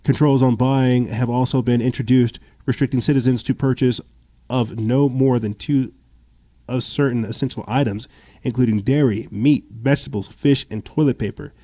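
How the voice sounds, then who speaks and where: A man's voice: medium pitch, steady tone, normal speed, dark tone, no room sound. A man hosting a political commentary podcast, reading news reports aloud and adding sarcastic, indignant remarks with stammered restarts. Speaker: podcast host.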